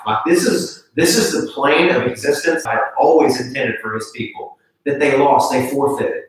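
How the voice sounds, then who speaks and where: Man preaching in an echoey hall. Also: medium pitch. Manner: animated storytelling, repeats words when excited. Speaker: pastor. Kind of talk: sermon with personal story. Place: church sanctuary. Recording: live stream from far in an echoey church.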